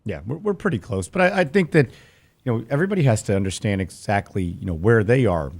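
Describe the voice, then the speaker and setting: A man co-hosting a financial talk show in a hoarse voice that is nearly gone, speaking in a measured way with frequent restarts. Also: fairly low pitch, animated. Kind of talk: casual radio finance chat.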